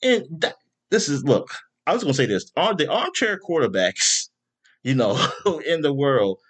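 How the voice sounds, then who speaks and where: A man hosting a podcast in casual chat, rambling with lots of fillers and bursting into loud exasperation. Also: fairly high pitch, normal speed. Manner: rambling, animated, with many fillers. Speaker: podcast host.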